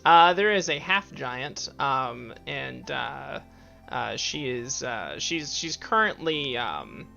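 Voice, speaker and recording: Halting, gravelly-voiced game master. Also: male voice, medium pitch, big pitch swings, bright, forceful tone, muffled recording, faint music behind. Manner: halting, full of fillers and restarts. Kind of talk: narrating a tabletop game.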